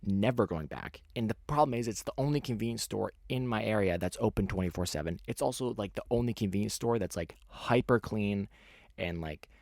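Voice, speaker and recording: Low gravelly young man telling a story. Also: fairly quick, darkish tone, no room sound, studio quality. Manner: rambling, lots of fillers and restarts. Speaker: podcast host. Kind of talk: casual storytelling.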